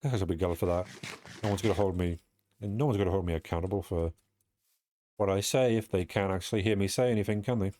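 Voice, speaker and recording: A man's voice: deep voice, quick pace, warm tone. A young British man streaming a game, rambling casually in a self-mocking way and swearing now and then. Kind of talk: casual streaming chat while playing.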